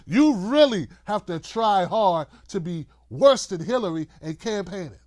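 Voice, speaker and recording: A middle-aged man with a fairly high voice rants to his viewers, mocking and animated, slipping into silly voices for the people he quotes. The sound is close and dry, with no room around it. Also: normal speed, few pauses, no echo. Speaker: political commentary host. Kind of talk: loose rant to camera.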